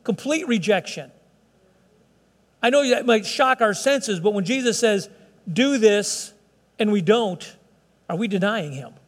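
High-voiced impassioned male preacher. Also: expressive, a little slow, long pauses. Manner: impassioned, rising and dropping sharply for emphasis. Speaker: pastor. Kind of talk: sermon. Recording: reverberant hall.

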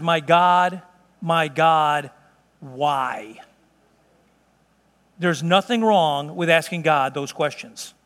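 A middle-aged man with a notably high voice delivers a sermon, talking plainly and telling stories as he goes. His voice carries a long reverb, as if he is in a big church hall. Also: a bit bright. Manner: conversational, storytelling with laughs. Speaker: pastor.

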